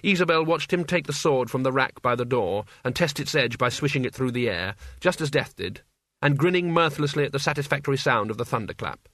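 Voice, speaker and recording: A man's voice: medium pitch, animated, a little fast, a bit bright, dry recording. Man narrating a story, dry close sound. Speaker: audiobook narrator. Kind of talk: scripted narration.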